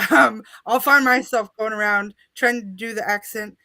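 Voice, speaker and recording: A woman, answering interview questions in a relaxed, hesitant way. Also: on the high side, normal speed, dry recording. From Oklahoma, USA. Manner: relaxed, hesitant, with fillers and laughs. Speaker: guest.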